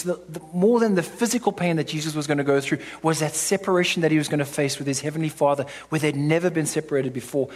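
Husky-voiced man preaching a sermon. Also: fairly high pitch. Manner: emphatic, with rhetorical questions and frequent "right?". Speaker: pastor.

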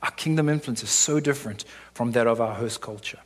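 A man's voice: mid-range voice, a little fast. A man preaching a sermon to his church in a conversational way, often checking in with "right?".

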